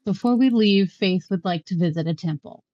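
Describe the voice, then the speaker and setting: A woman with a lowish voice playing a tabletop game, nervous and jokey as she talks. The sound is dry and a bit dull and lo-fi. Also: brisk, warm tone, no echo. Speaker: player. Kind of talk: tabletop role-play chat.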